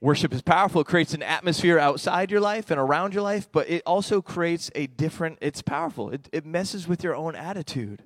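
A middle-aged man preaching a lively sermon as pastor, swinging between quiet, intimate stretches and loud, excited ones. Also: fairly high pitch, a little fast, hardly any pauses, no echo.

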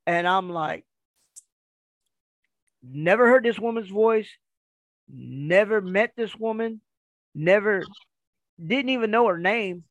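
A middle-aged man, a retired performer, telling stories in a casual, animated way and acting out other people's voices. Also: high voice, no echo.

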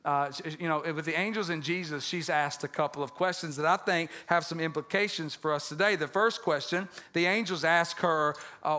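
A male pastor with a high, bright voice delivers a loose, conversational sermon. He jokes with the congregation and doubles back on his words as he goes. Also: moderate pace, few pauses. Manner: conversational and joking, with frequent restarts and repeated words.

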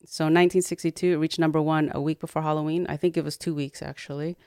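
Low, smooth-voiced woman sharing facts. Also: quick pace, no echo, studio quality. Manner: relaxed storytelling, many fillers. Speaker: podcast co-host. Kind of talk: casual chat.

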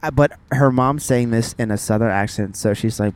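A man's voice: mid-range voice, normal speed, hardly any pauses, clean tone. A man co-hosting a casual podcast, telling a funny story with lots of laughter and acted-out quotes. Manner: animated storyteller who laughs a lot. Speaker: podcast co-host. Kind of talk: casual chat.

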